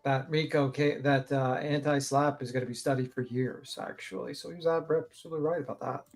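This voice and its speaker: Guy on a live panel, gravelly voice, blunt and cussing a lot. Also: medium pitch, fairly even intonation, brisk. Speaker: panel guest. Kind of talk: casual panel chat.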